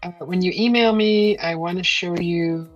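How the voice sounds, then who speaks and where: A middle-aged woman chats with viewers on a casual live stream, her low-ish voice at a moderate pace and her throat still weak from being sick. She rambles and laughs often. Her computer mic gives a muffled sound with no room echo and soft music in the background.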